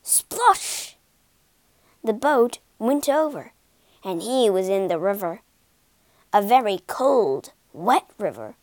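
Expressive woman reading a children's story slowly. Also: medium pitch, dry recording. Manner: clear, expressive, deliberate.

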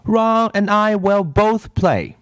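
A man's voice: high voice, expressive, slow, no room sound, clean studio sound, voice pushed up. A man reading aloud and voicing a confident, fair-minded schoolyard figure in a raised voice. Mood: firm.

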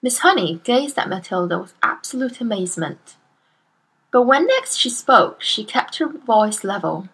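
A woman reading a children's novel aloud in a slow, careful storytelling manner. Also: a little high, big pitch swings, a bit bright, husky. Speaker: storybook reader.

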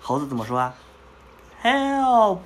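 Patient woman reading slowly aloud. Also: fairly low pitch, expressive, a bit bright, slight background noise. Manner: slow, patient, models each word for repetition. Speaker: parent or tutor reading a picture book with a child. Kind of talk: bilingual storybook reading lesson, call and repeat.

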